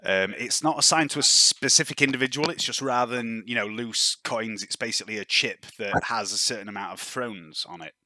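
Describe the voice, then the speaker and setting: A man narrating as game master in a laid-back, chatty and halting way. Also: on the low side, pushed and bright, dry recording.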